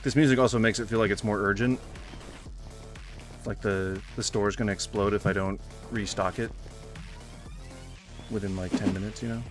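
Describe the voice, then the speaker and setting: A man giving casual commentary while playing a game, muttering to himself with sarcastic, mock-formal complaints and sudden loud outbursts. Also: fairly low pitch, fairly even intonation, normal speed, pauses often, music in the background. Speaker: gaming streamer.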